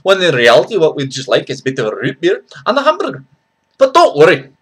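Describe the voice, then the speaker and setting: Guy doing a rowdy cheery scottish man, high and loud, talks fast. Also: breathy edge, heavily acted. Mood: boisterous. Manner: loud, excitable, rapid.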